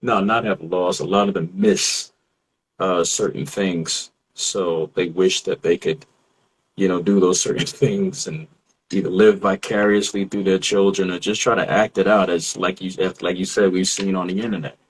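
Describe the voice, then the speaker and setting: A man on a casual discussion show who talks in a reflective, measured way and searches for his words. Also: low-pitched, fairly even intonation, slight background noise, rough recording.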